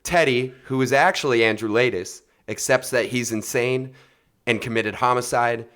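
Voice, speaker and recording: A man's voice: medium pitch, normal speed, a bit bright. Man, podcast co-host, casual, laughing, joking plot recaps. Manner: laughs often, summarizes plots jokingly. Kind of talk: casual chat.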